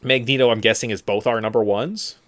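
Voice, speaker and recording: A man hosting a podcast in casual chat, animated and joking. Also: mid-range voice, brisk. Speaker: podcast host.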